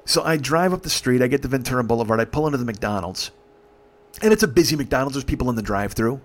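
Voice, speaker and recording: A man's voice: mid-range voice, lively intonation, quick pace. A man telling a comic story in an exasperated, heavily profane way. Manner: exasperated, heavy swearing. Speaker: comedic storyteller.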